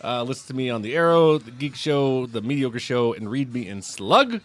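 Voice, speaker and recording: A man's voice: medium pitch, animated, normal speed. A man appearing as a podcast guest, cracking jokes in casual banter. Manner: wisecracking.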